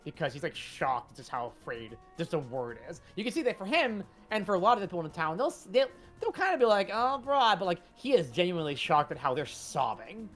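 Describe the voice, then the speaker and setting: A low-voiced woman, one of the comic's creators, rambling eagerly about a scene. Her pitch moves a lot, and soft music plays behind her. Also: sing-song, a little fast, few pauses. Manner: enthusiastic, rambling. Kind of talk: casual commentary.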